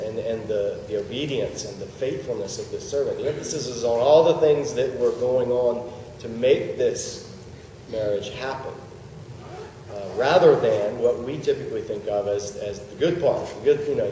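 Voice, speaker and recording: A man leads a relaxed Bible study, talking in a conversational way with jokey asides and questions put to his listeners. His voice is mellow and low in brightness. It was picked up from a distance in a big room with a long, roomy echo. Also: a little hiss or hum. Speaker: Bible teacher. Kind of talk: casual Bible study teaching.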